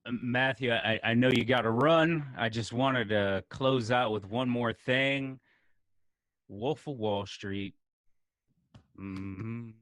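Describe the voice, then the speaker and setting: A man's voice: mid-range voice, takes it slowly, fairly bright tone, no echo. A male host winding up an interview, laid-back and drawing out his words of praise. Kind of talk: interview wrap-up.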